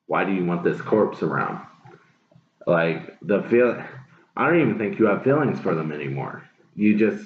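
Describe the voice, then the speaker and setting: A man with a very low voice gives a casual tarot reading, blunt and profane, hammering his points by saying them again. The sound is dull and lo-fi, in a roomy space with a clear hiss underneath. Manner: blunt and profane, repeats phrases for emphasis. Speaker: tarot reader.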